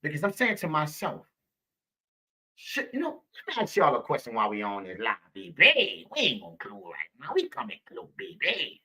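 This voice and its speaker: Male live-stream host, preachy and repetitive, swooping animated delivery. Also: on the high side, moderate pace, gravelly, husky. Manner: preachy, repeats himself, calls viewers baby. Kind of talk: live-stream commentary talking to viewers.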